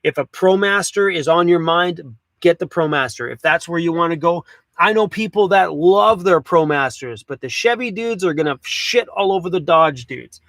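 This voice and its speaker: A man's voice: a little high, normal speed, fairly bright tone, no room sound. A man hosting a casual van life livestream, chatty and laid-back, swearing now and then. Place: inside a camper van.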